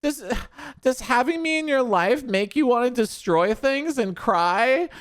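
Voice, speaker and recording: A man putting on the voice of a small child, pleading with its mother in a high, whiny voice. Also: lively intonation, measured pace, no room sound, studio quality.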